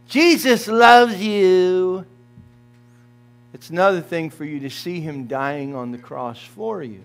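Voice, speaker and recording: A man's voice: sits high, fairly bright tone. A man preaching a sermon as pastor, talking directly and folksily to his congregation.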